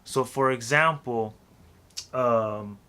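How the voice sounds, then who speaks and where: A man's voice: mid-range voice, takes it slowly, pushed and bright, smooth. A man teaching how to rap in a loose, chatty way, counting beats aloud and scatting rhythms. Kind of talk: casual music lesson.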